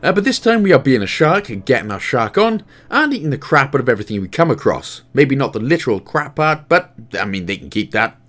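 Chatty Welsh man with lively pitch. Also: a little fast, few pauses. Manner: chatty, jokey, self-mocking asides. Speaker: gaming guide host. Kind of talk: game walkthrough commentary.

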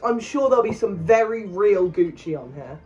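A man co-hosting a casual chat, making sarcastic, deadpan jokes. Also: high voice, moderate pace, lo-fi sound, faint music behind. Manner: sarcastic, deadpan jokey remarks. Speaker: co-host. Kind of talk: casual chat while browsing a shopping site.

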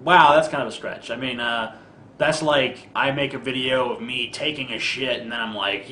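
A man's voice: mid-range voice, fairly even intonation, normal speed, sharp tone, reverberant, a little hiss or hum. A man ranting in a video commentary, sarcastic, profane and mocking. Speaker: vlogger.

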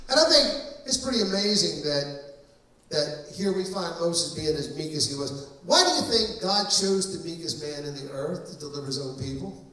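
Preaching a deliverance-service sermon in a church hall, a male pastor speaks in a high, sharp voice. His storytelling is emphatic and laced with fillers, captured on a distant mic amid echo.

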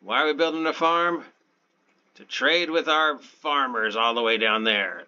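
Guy narrating his own game, dry sarcastic jokes, sharp bright tone. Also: medium pitch, a little slow, lo-fi sound. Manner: deadpan sarcastic, self-mocking. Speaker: gaming channel host. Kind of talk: sarcastic let's play commentary.

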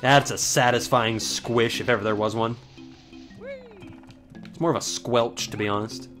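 A man's voice: medium pitch, steady tone, measured pace, music in the background. A man doing casual let's play commentary, joking and irreverent and cursing freely as he plays. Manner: joking, irreverent, swears often. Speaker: gaming commentator.

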